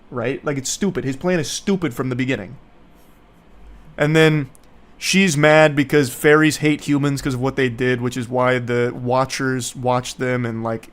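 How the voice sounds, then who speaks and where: A man giving casual, rambling movie commentary, sarcastic, profane and mocking. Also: medium pitch.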